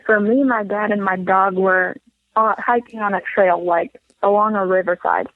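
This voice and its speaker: An earnest teenage girl calls in to a podcast and tells her story in a plain, chatty way. Her voice is middle-pitched and comes through a dull, lo-fi call line. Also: fairly even intonation, moderate pace, dry recording. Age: teens. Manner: earnest, uses "like" a lot. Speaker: caller. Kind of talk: telling a story on a call-in show.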